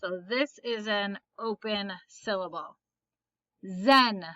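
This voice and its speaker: A woman's voice: fairly high pitch, unhurried, bright, forceful tone, dry recording, highs cut off. A woman teaching a phonics lesson, patiently asking questions and then answering them herself. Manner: patient, asks and answers her own questions.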